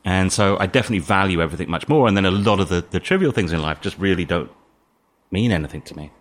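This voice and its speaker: A British man speaking as an interview guest, telling his story in a calm, thoughtful way. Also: sits low, fast talker. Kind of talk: reflective interview talk.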